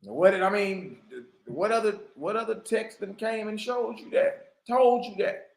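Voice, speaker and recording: A man's voice: sits high, unhurried, reverberant. A man giving casual commentary that turns into preaching, speaking in slang and firing off emphatic rhetorical questions. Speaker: online commentator and religious teacher.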